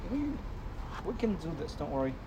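Lively-voiced father coaxing gently. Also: on the high side, a little slow, a crowd in the background. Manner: patient, coaxing and reassuring. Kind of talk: casual chat with his child. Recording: loud background noise.

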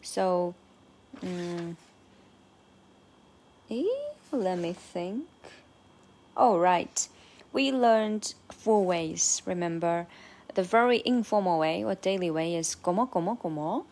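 A woman who is a Mandarin speaker, teaching a casual spoken lesson and repeating each phrase slowly and patiently for practice. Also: on the low side, darkish tone. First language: Mandarin Chinese. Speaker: language teacher.

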